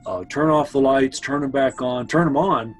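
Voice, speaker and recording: A man's voice: mid-range voice, normal speed, faint music behind, poor audio. A man casually telling his brother old family stories, meandering with asides to his listener. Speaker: family storyteller. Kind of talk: casual spoken storytelling.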